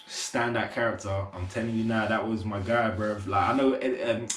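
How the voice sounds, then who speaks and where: A young man rambles through a casual movie review, full of fillers and slang. His voice sits on the lower side. The room gives the sound a noticeable echo. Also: fairly even intonation, moderate pace, a bit bright. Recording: roomy echo.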